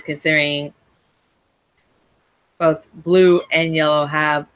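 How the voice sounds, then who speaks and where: A woman's voice: lowish voice, takes it slowly, a bit bright. A woman giving a casual, rambling recap of an episode as a fan reviewer, often restarting and correcting herself.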